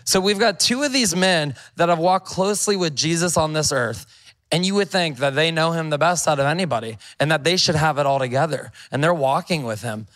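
A man's voice: on the high side, a bit bright. A male pastor preaching a sermon, reading scripture aloud and commenting on it in a conversational, emphatic way.

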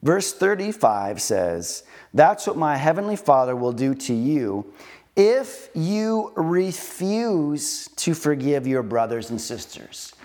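A man's voice: a little high, very animated, darkish tone. Earnest man preaching a sermon. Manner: earnest, repetitive preaching cadence with slow emphatic pauses. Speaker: pastor.

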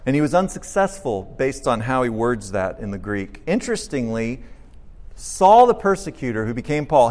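A man preaching a sermon, reading scripture aloud with emphasis and explaining it to his congregation. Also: fairly high pitch. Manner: explains to the congregation with some restarts. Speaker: pastor.

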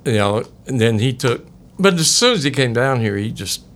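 Animated, profane man telling stories. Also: medium pitch, normal speed. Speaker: former guitar shop owner. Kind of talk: casual chat.

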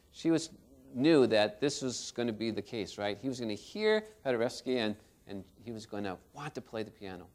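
A man preaching a sermon as pastor, telling a story and swinging between loud and soft. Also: mid-range voice.

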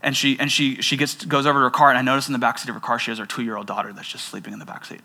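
A young man, a pastor, preaching a sermon and telling a personal story in an animated way, with frequent restarts. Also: mid-range voice, very fast, gravelly.

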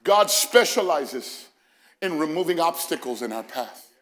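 A male senior pastor preaching an Easter sermon in a church, building from quiet reasoning to shouted, sung-out climaxes. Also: fairly high pitch, sing-song, a little slow, slight background noise. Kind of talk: Pentecostal-style Easter sermon. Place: church sanctuary, also broadcast.

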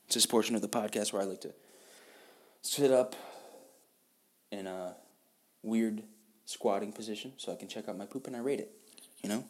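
A young man with a fairly low voice talking through a crude bathroom-humor bit. His delivery is slow and deadpan, and he lets each line hang. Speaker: podcast host.

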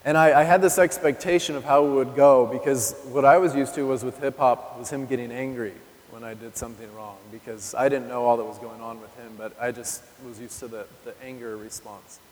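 A man's voice: mid-range voice, steady tone, brisk, hardly any pauses, darkish tone. Candid male preacher in a reverberant hall. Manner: candid, conversational, addresses the audience directly. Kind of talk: personal testimony sermon. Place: church hall. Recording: live recording in a reverberant hall.

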